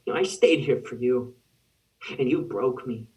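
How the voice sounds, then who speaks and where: A man's voice: medium pitch, moderate pace, darkish tone, recorded from a distance, lightly acted, poor audio. A young man student actor voicing a heartbroken man bitterly confronting the partner who hurt him, in an anguished monologue over a video call. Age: young adult. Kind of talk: dramatic monologue.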